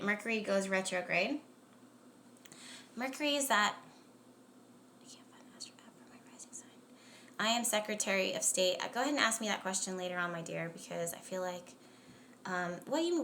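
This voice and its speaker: A woman hosting a casual live astrology chat on a stream, talking chattily with lots of "like"s, quick laughs and emphatic rants. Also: mid-range voice, pushed and bright, slight background noise. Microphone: phone or webcam on a live stream.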